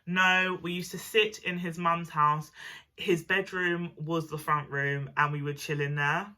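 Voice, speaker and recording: Young woman spilling tea, nasal bright voice, chatty and slangy. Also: deep voice, a little slow. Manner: chatty and animated, slangy, swears; mimics other people's voices. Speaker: storyteller. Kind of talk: casual storytime monologue.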